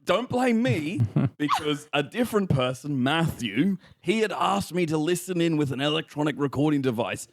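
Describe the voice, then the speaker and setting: Guy doing a goofy outback twin bloke, slightly high voice, dry close sound. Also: animated, moderate pace, few pauses, no echo. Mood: deadpan bluster. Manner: improvised comic bit. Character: rural Australian man, twin brother, odd and eager.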